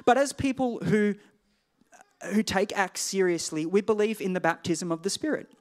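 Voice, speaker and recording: A man's voice: high voice, expressive, normal speed, darkish tone. A male pastor preaching a sermon in a conversational, digressive way with self-deprecating asides.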